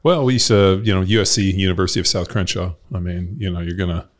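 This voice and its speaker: A man with a very low voice hosts a podcast from Southern California. He talks loosely and casually and drifts through long stories. He swears freely along the way. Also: fairly even intonation, quick pace. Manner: laid-back, profane, rambling storyteller. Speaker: podcast host. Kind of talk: casual conversation.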